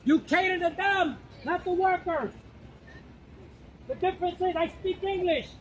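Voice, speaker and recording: A man confronting someone at an outdoor rally, loud and accusing, repeating his points over and over. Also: very high voice, a little slow. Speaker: street advocate. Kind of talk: heated street confrontation. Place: city street rally outdoors. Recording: noisy street with crowd and traffic.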